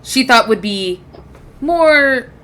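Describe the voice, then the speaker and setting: A woman's voice: mid-range voice, slow, a bit bright. A woman narrating a tabletop game as game master, casual and giggly, with frequent fillers.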